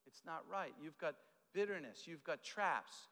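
High-voiced, halting preacher in a hall. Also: male voice, animated, fairly bright tone. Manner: halting, repeats words, many asides. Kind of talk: conversational sermon. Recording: echoey hall.

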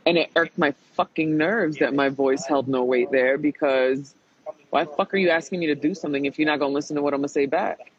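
Talking a little fast in a slightly high voice, a man casually vents about a frustrating stint on a reality show. He curses, speaks emphatically and imitates the people he quotes. The recording is lo-fi and dull.

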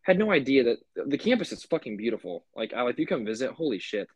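Young guy rambling on a podcast, swears a ton, says like constantly, mid pitch, dry close sound. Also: very animated, quick pace, breathy edge, no room sound, lo-fi sound. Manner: rambling, swears a lot, many fillers. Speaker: podcast co-host. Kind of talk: casual chat.

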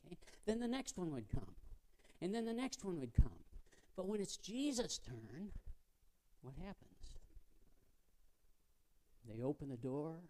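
A man preaching a sermon as a guest speaker. He tells the story vividly, asks the congregation questions and drops to a hush to make his points. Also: fairly high pitch.

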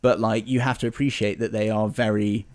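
Low-voiced man riffing in improv. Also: little pitch movement, darkish tone, no room sound. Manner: playful, builds on his partner's lines, quick asides. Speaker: improv comedian. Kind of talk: improvised comedy storytelling.

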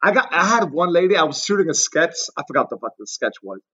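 A man's voice: on the high side, fast talker, slightly rough, dull audio. A man, a podcast guest, telling comedic stories in a casual, profane way and acting out the people in them. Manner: animated, profane, acts out the people in his stories.

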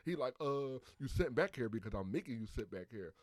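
A man casually telling a story among friends, animated and acting out the other people's lines. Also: mid-range voice, fast, dry recording.

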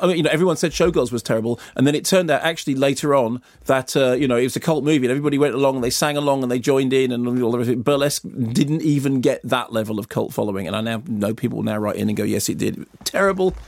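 Guy on radio reviewing films, rambles all over, gravelly voice, dry studio sound. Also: mid-range voice, very fast, hardly any pauses, no room sound. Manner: rambling, digressive, animated storytelling. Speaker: film critic and co-host. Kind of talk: radio film review chat.

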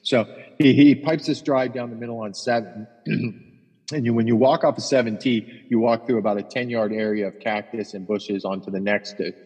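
A man's voice: medium pitch, fairly even intonation, moderate pace, darkish tone, husky, big-room sound, rough recording. A man, a golf caddie co-hosting a podcast, telling long profane anecdotes in casual chat, often restarting his words.

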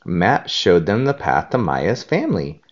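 A man reading a storybook aloud to his child in a gentle, expressive way. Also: sits low, unhurried, highs cut off.

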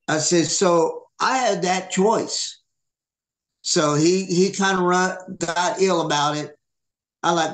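Guy on a podcast ranting thru a story, cusses a lot, kinda high voice, roomy echo. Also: takes it slowly. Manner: animated, swearing, acts out quoted people. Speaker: podcast host. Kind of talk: casual storytelling chat. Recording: echoey room.

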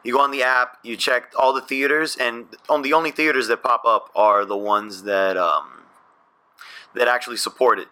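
A man's voice: medium pitch, steady tone, normal speed, pushed and bright. A man co-hosting a podcast, talking in a laid-back, rambling way and swearing now and then. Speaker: podcast co-host. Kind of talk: casual chat.

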